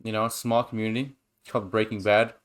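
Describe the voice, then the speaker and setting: A young man co-hosting a casual chat and telling stories in a rambling, excitable, profane way. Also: lowish voice, fast talker. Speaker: podcast co-host.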